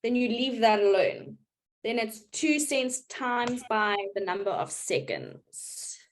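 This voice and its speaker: A woman leads a live online maths lesson from behind a streaming mic. Her voice sits slightly high and she moves at a slow, deliberate pace. She walks through each step patiently and keeps asking her students whether it makes sense. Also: sing-song. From South Africa. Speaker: maths teacher.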